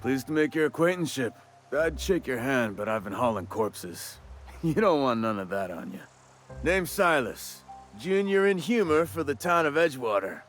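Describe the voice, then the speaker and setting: An actor playing a chatty, wry frontier gravedigger in a video game, talking in a folksy drawl with old-timey wording. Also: male voice, mid-range voice, big pitch swings, normal speed, soft background music, natural voice. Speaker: game character.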